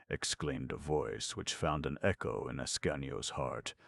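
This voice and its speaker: A man reading a classic novel aloud as an audiobook narrator, in a measured, formal storytelling manner. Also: extremely low pitch, creaky, a bit bright, dry recording, studio quality. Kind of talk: scripted narration.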